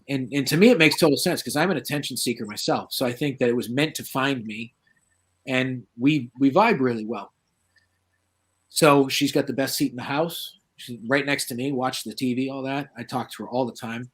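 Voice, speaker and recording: A middle-aged man from the northeastern United States tells his stories in a relaxed, anecdotal way. His voice sits at a moderate pitch. He becomes lively when he acts out the voices of people he quotes. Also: brisk, breathy edge. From southeastern Massachusetts, USA. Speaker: guest paranormal researcher. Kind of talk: casual anecdotal storytelling.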